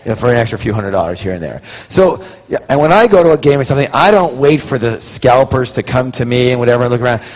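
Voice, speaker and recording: A man telling stories to a live seminar audience in an animated way, talking straight to the listeners. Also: medium pitch, quick pace. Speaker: seminar speaker. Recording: dull lo-fi recording.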